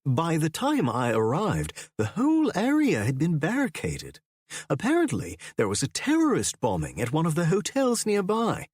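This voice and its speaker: A man's voice: a little high, wildly swooping pitch, moderate pace, darkish tone, slightly rough, no echo, clean studio sound, voice pushed up, full character voice. A man voicing an older English historian with a sophisticated accent, polite at first and then indignant and scoffing.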